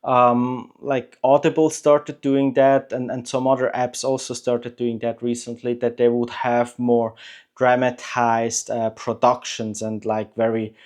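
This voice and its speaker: A man hosting a book channel, talking to camera in a relaxed, chatty way with frequent hesitations and clear opinions. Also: mid-range voice, a little slow. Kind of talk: casual talk to camera.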